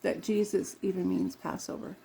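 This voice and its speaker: A woman vlogger talks in a loose, meandering way, stopping to correct herself and laugh as she does her makeup. Her voice has a gravelly, fry-laden texture. A faint background hiss sits under the recording. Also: fairly low pitch, level tone, normal speed, dark tone. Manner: chatty and meandering, with frequent laughs and self-corrections. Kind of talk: casual rambling chat while doing makeup.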